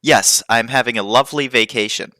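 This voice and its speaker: A man's voice: mid-range voice, a little fast, pushed and bright, no room sound, clean studio sound, voice pushed up, close to an everyday voice. A man voicing a polite ten-year-old boy who speaks careful, formal English. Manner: stiff, overly formal phrasing.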